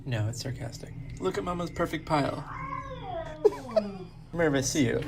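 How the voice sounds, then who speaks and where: A woman's voice: low-pitched, fast, creaky, very noisy. A woman talking to her cat at home in playful, teasing baby talk, giggling often. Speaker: pet owner.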